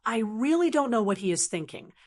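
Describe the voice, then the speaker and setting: A woman's voice: a little high, sing-song, a little fast. A woman voicing a disdainful young sect disciple in an audiobook, speaking scornfully. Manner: scornful, complaining.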